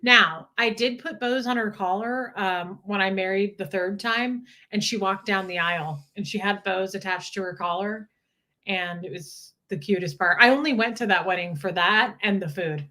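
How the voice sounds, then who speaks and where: A woman's voice: mid-range voice, moderate pace, pushed and bright. A woman hosting a casual livestream, bubbly and giggly, reading out viewer messages. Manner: bubbly, giggly, reads viewer super chats. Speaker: livestream host.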